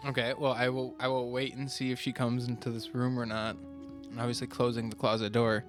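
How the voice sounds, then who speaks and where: A man's voice: medium pitch, flat delivery, fairly quick, soft background music. A man playing his character in a tabletop game, thinking aloud and repeating himself. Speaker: player. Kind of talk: casual tabletop play.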